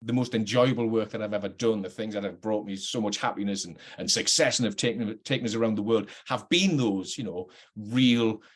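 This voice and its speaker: His voice is lowish and brisk, with few pauses. This middle-aged working-class actor from North East England, speaking with a Geordie accent, looks back on his career in an earnest, hesitant talk to camera, frequently starting sentences over.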